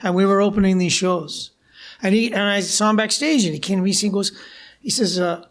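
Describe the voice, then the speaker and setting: Older man telling lively stage anecdotes. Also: sits high, a little fast. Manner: animated anecdotes, laughs often. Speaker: musician guest. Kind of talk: live on-stage storytelling. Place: bar, live audience.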